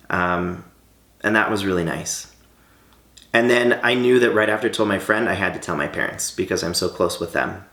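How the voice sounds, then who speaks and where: A man's voice: lowish voice, fairly bright tone, echoey room. A man in his late thirties who vlogs. He tells a personal story in a candid, heartfelt way. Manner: candid and heartfelt, with light laughs. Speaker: vlogger.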